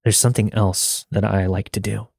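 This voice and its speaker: Man voicing a strange taxi driver, creepy, calm, low-pitched, dry close mic. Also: normal speed, vocal fry, breathy edge, no echo. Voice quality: low, calm, softly menacing.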